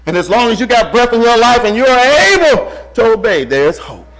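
A man preaching a sermon, swinging between shouts and hushed tones and calling out to the congregation as brother. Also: very high voice, sing-song, a little fast.

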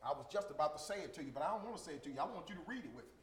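A man preaching a sermon, emphatic and repetitive, swinging from shouted lines to quiet murmurs. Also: fairly high pitch, lively intonation, racing, a little hiss or hum.

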